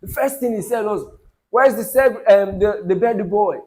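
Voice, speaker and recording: Excited young man telling a story. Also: high-pitched, moderate pace, slightly rough, low-quality recording. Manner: excited, laughs often, slangy. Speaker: vlogger. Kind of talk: casual storytelling recap.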